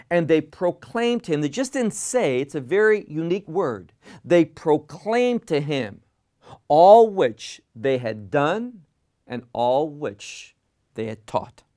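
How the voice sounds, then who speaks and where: A man teaching through a Bible passage verse by verse, deliberate and asking rhetorical questions. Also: a little high, a little mellow.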